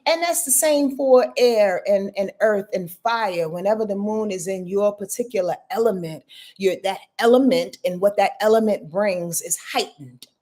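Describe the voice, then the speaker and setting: A woman in her fifties, an astrologer hosting a live reading, talking in a rambling, heartfelt, expressive way. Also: mid-range voice, normal speed. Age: 50s. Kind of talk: casual live talk.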